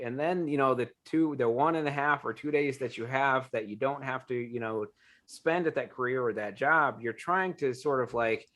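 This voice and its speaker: A man's voice: mid-range voice, a bit bright. A man speaking earnestly as an interview guest, reflective and full of fillers, over a video call. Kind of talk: casual interview talk.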